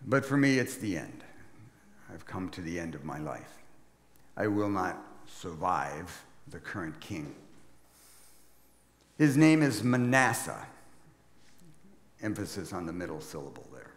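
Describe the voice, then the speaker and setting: Man as burdened old prophet, deep voice, grave and wry, long church-hall reverb. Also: very animated, measured pace, long pauses, heavily acted. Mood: solemn. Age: 70s. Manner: grave, reflective monologue with wry asides. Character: aged male prophet, weary and burdened. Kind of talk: dramatic first-person sermon monologue.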